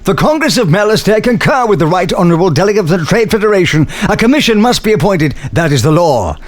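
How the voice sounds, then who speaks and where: A man's voice: sits high, big pitch swings, quick pace, voice pushed up. A man doing a posh regal goat-headed alien ambassador. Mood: formal. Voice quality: very English, upper-crust, pompous.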